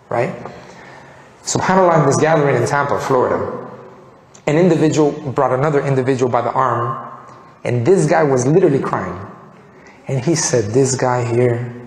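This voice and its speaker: A man from Colombia tells his life story in an earnest, animated way and voices the people he quotes. His speaking pitch sits in the middle range. He is recorded in a reverberant room with a long, echoing tail. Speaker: convert telling his story. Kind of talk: personal testimony.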